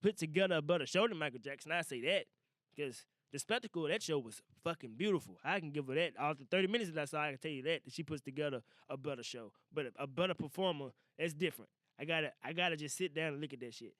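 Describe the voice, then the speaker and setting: A young man hosting a casual solo podcast, talking loosely with profane slang and animated asides. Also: on the high side, fast talker, dry recording, clean studio sound. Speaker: podcast host. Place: small recording room. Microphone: studio mic.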